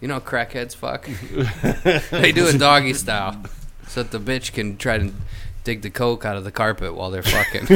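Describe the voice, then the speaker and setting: A man's voice: mid-range voice, normal speed, noisy background. A man in a casual podcast chat who tells crude jokes and laughs at them.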